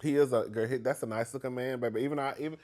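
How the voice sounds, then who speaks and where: A man hosting a casual storytime vlog, gossipy and animated, laughing often and calling his listeners "girl". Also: medium pitch, rapid-fire. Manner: laughs often between lines. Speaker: vlog host.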